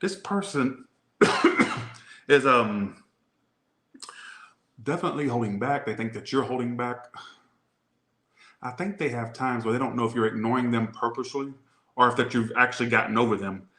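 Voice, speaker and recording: Joking Southern man with a bright voice. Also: medium pitch, normal speed, long pauses. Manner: joking, rambling, crude asides. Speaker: tarot reader. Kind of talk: casual tarot reading to camera. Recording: echoey room.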